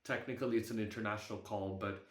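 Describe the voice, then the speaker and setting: A young man sharing a personal story on a group video call. He talks in a halting, candid way and swears casually. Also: fairly low pitch, fairly even intonation, roomy sound.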